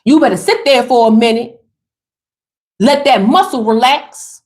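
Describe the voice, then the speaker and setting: A woman's voice: a little high, measured pace, a little mellow, echoey room. A woman giving an emphatic, sassy motivational spiritual talk straight to her listeners.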